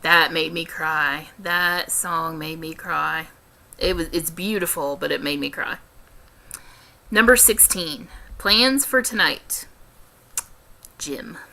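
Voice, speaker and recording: A young adult woman with a light Midwestern American accent, answering questions in a casual vlog with careful, deliberate diction and frequent restarts. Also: low-pitched, creaky, sharp tone. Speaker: vlogger.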